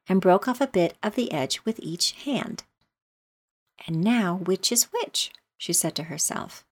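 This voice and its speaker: Brief: woman narrator, lowish voice, measured storybook reading.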